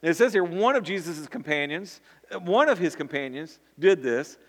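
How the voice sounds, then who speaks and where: A man's voice: a little high, animated, moderate pace, fairly bright tone. A man preaching a sermon earnestly, often repeating words and building to emphatic peaks. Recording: long hall reverb.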